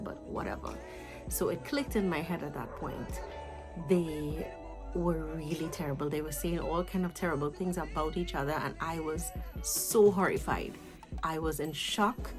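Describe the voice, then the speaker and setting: Trinidadian woman, twenties, lowish voice, animated storytime vlog, faint music behind. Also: normal speed, poor audio. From Trinidad and Tobago. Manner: animated, chatty storytelling with asides to viewers. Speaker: vlogger.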